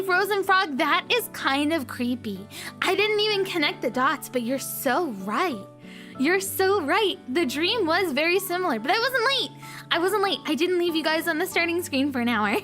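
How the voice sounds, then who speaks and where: A woman's voice: sits high, expressive, brisk, a bit bright, faint music behind. A young woman streamer chatting casually and telling a story in a bubbly, giggly way. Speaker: variety streamer.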